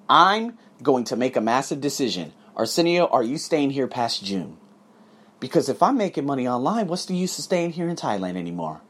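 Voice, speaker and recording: A man hosting his own podcast, giving an animated, profane, preachy motivational monologue. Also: medium pitch, normal speed, husky. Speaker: podcast host. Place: abroad, living in Thailand.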